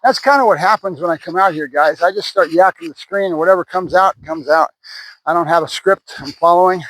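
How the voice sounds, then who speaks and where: A man's voice: sits high, fairly quick, fairly bright tone, no room sound, low-quality recording. A man who trains dogs, talking casually to the camera outdoors between words of praise to a puppy. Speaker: dog trainer.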